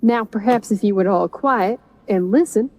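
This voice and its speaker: A woman's voice: medium pitch, moderate pace, a little mellow. A woman playing a tabletop game, speaking in character with formal, prim phrasing. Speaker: player. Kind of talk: in-character role-play.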